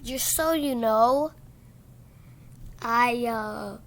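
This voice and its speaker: A woman's voice: a little high, drawn-out words, creaky, slight background noise. A young woman chatting casually in a vlog, sleepy and giggly after just waking up. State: just woken up. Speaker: vlogger.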